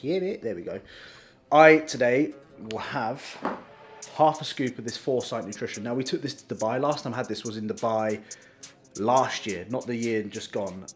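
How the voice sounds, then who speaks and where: A man's voice: mid-range voice, moderate pace. Swearing young man vlogging. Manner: swears constantly, blunt and self-mocking. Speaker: fitness vlogger. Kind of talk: casual vlog talk to camera. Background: music.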